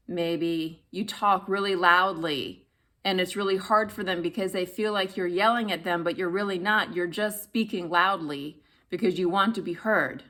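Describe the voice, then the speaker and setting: A woman teaching how to speak so that people listen, talking straight to viewers in an expressive instructional style and demonstrating pitch and volume as she goes. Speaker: voice coach. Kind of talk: instructional video talk.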